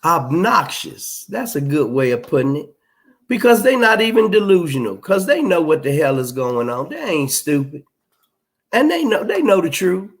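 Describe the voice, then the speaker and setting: Blunt man, fairly high voice. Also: sing-song, moderate pace. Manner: blunt, emphatic, profane. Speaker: livestream host. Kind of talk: casual livestream commentary reading chat.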